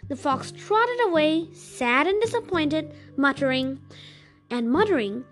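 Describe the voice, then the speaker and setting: A woman reading folktales aloud as a storyteller, gentle and expressive. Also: high voice, unhurried, faint music behind.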